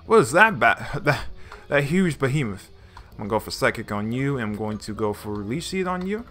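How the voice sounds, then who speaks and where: A young man comments casually on his game and laughs at his own slip-ups. His voice is bright with a middle pitch. Faint game music plays underneath. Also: lively intonation, fairly quick. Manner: casual, joking, laughs often, reads game text aloud. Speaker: gaming YouTuber. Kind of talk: let's play commentary.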